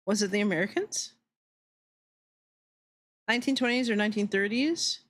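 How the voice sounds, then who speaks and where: A woman's voice: mid-range voice, normal speed, a bit bright. A woman VTuber streamer in casual chat, ranting with lots of swearing and laughing often.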